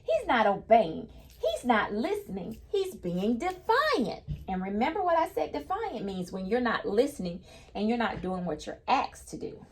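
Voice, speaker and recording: A woman's voice: on the high side, big pitch swings, normal speed, a little hiss or hum. A woman reading a picture book aloud to children, patiently stopping to explain each new word in simple terms. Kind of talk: children's read-aloud lesson.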